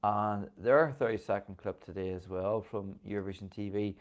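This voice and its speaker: Speaking at a moderate pace, this host has a lowish voice with a steady tone. He has a Northern Irish accent and chats enthusiastically to camera in a casual video, filling gaps with frequent ums.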